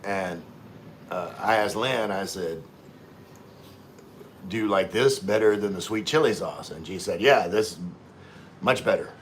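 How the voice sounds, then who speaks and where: Man, fairly low voice, livestream host, reads chat aloud, easygoing, repeats words, faint background noise. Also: a little slow, long pauses. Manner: easygoing, repeats words and restarts while reading. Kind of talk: casual livestream chat, reading viewer comments aloud.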